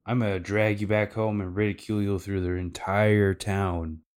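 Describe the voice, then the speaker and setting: A stern, indignant grown man, as a man puts him on. He sounds low and pushes out a little more than in plain talk. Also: little pitch movement, normal speed, darkish tone, clear, resonant tone, lightly acted.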